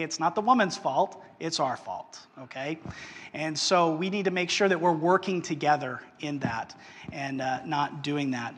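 A male pastor giving a casual, conversational sermon, often checking in with "okay?" and filling pauses with "uh". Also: a little high, fairly bright tone, long reverb tail. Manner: conversational preaching with frequent "okay?" and "uh" fillers.

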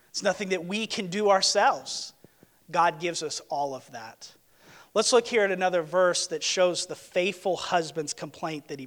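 A male pastor preaching a sermon with passion, swinging between emphatic outbursts and hushed asides. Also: high-pitched.

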